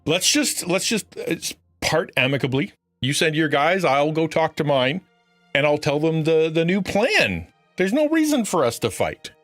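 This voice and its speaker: A man with a bright, fairly high voice plays his character at a tabletop game. His pitch swings widely as he moves between casual chatter and polite, in-character speeches to the table. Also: sing-song, normal speed, dry recording, soft background music. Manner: playful, speaks in character as a polite diplomat. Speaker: player. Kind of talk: in-character tabletop role-play.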